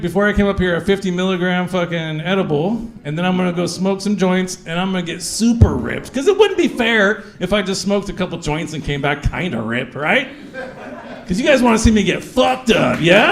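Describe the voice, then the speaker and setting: A man's voice: high-pitched, moderate pace. A middle-aged man doing a stand-up set in a comedy club, telling crude stories and acting out the dialogue. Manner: crude, animated storytelling, acts out dialogue.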